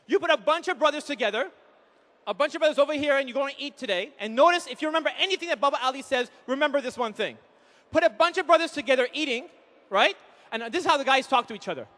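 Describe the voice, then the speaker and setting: A man in his thirties doing animated stand-up comedy, acting out quick voices of husbands and wives on a live hall mic. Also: very high-pitched. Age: 30s. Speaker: comedian speaker at an event. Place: large hall with an audience.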